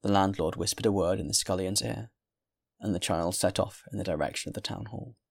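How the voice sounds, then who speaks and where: A male reader narrating a classic novel chapter by chapter. He reads in a steady, measured way. His voice sits very low and has a gravelly edge. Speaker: audiobook reader. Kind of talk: reading a classic novel aloud.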